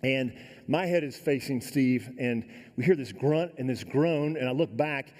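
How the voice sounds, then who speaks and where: A middle-aged man giving a keynote talk, telling a dramatic story in a folksy, animated way and acting out the other voices. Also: mid-range voice, unhurried. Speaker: keynote speaker. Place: large conference hall. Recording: echoey hall sound.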